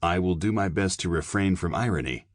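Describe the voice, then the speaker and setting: A man's voice: deep voice, animated, brisk, no echo. A man narrating an audiobook, voicing a police inspector who speaks with dry, understated irony.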